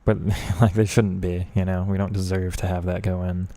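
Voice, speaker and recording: Low, mellow-voiced male game streamer. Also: little pitch movement, moderate pace, a little hiss or hum. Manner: frustrated, mutters at the game, chats with viewers. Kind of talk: casual gaming commentary.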